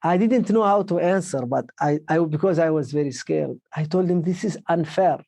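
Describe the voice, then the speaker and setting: A man giving a personal testimony in halting English, a second language for him, with many restarts and fillers. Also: a little high, gravelly, dark tone, dry recording. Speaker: interviewee.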